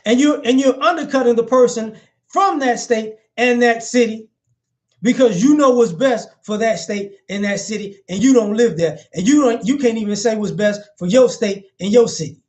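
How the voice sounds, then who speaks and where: A man with a high-pitched voice delivering a blunt, profane commentary vlog. He drives each point home by repeating short phrases, emphatic and cutting. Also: moderate pace.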